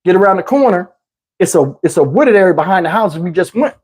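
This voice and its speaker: A middle-aged man casually telling a personal story in an animated, streetwise way, with lots of "you know what I'm saying" asides. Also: high voice, quick pace, husky. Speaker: YouTube storyteller.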